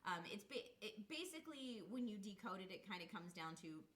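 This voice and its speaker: A woman with a bright, forceful tone co-hosts a casual TV review chat. She lays out fan theories and book details, filling the gaps with "um" and "uh" as she thinks. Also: medium pitch, big pitch swings, a little fast. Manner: explains lore with many fillers. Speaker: co-host of a TV review show.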